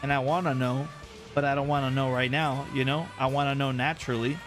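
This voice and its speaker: A young male streamer talks casually to his chat in an animated, joking way, recapping a fantasy game's story. His voice sits at an ordinary mid pitch. Game music plays clearly behind him. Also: brisk. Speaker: livestreamer.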